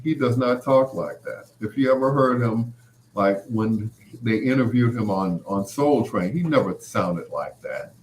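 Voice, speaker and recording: Male host, middle-aged, lower register, loose rambling talk with acted-out quotes. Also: lively intonation, a little slow, a little mellow, a little hiss or hum. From Chicago area. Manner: rambling, many "you know" fillers, acts out quoted lines. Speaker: podcast host. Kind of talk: casual storytelling chat.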